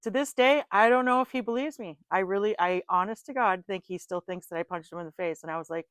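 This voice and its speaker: A middle-aged woman giving a casual tarot reading, rambling into animated personal stories and laughing often. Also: medium pitch, fast, clear, resonant tone, no room sound. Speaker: tarot reader.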